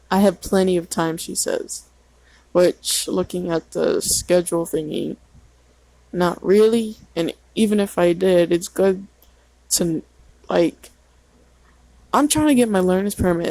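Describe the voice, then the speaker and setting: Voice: mid-range voice, gravelly, darkish tone, dry recording, rough recording. A teenager rambling and venting in a casual vlog, full of "like" and swearing. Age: teens. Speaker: vlogger.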